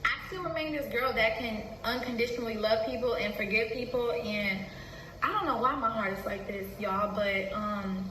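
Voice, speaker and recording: A young woman talking about herself in a halting, hesitant way, with many fillers, close to tears. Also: a little high, recorded from a distance, a little hiss or hum. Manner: halting, full of fillers, soft-spoken. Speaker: vlogger. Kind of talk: emotional personal confession. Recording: echoey room, from the mic.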